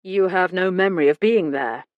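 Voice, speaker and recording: A calm male detective who presses his questions in a steady, even voice and never rushes his tone, as a woman narrator reads him. The sound is dry and close to the mic. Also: on the low side, dry recording, phone-quality sound, close to an everyday voice. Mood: firm. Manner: measured, steady and insistent.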